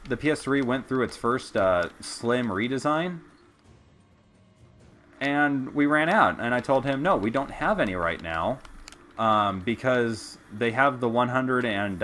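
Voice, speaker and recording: A man's voice: mid-range voice, a bit bright, slight background noise. A young man streaming a game, chatting casually and telling stories with loose swearing. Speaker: gameplay streamer. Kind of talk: casual storytelling while gaming.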